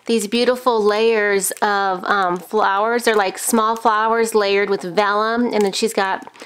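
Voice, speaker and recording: A woman's voice: a little high, a bit bright, a little hiss or hum. A woman in her thirties, a crafting video host, chatting casually and gushing with enthusiasm while she unboxes a package. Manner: gushing, enthusiastic, frequent gasps. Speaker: crafting YouTuber.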